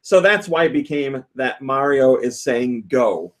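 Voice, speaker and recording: A man's voice: medium pitch, lively intonation, measured pace. A man hosting a casual podcast, reading listener comments aloud and laughing often. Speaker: podcast host.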